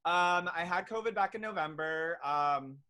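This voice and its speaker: Bright-voiced earnest young man. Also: high-pitched, measured pace. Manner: earnest, filler-heavy storytelling. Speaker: podcast guest, pediatric nurse. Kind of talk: casual interview chat.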